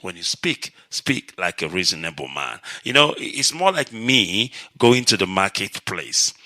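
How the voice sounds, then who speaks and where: A man with a Nigerian accent hosting a live radio call-in show, talking in a measured, lecturing way. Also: low voice, no echo. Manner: measured, lecturing, rises to animated shouting when telling stories. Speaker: radio host.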